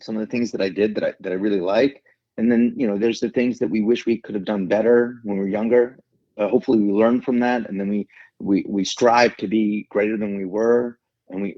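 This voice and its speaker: A middle-aged man, an actor, telling an emotional story in an interview, earnest and halting, with many restarts. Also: fairly low pitch, a little mellow, dry recording. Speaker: actor guest. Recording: dull lo-fi sound.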